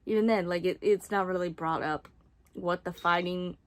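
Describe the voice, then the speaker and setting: A woman's voice: on the low side, fairly even intonation, normal speed. A young adult woman reviewing a book series in casual chat, sarcastic and rambling, with frequent swearing and asides.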